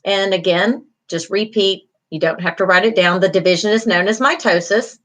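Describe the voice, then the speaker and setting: A middle-aged woman teaches an online lecture as a beauty school instructor, sounding encouraging. Her voice is medium-pitched and fairly bright, her pace moderate, and she uses many fillers while repeating key terms.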